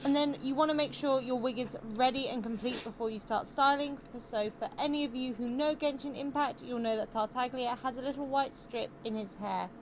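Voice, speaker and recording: A woman narrating a wig tutorial in a smooth, newscaster-like instructional voice-over. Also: high voice, fairly quick, few pauses, slight background noise.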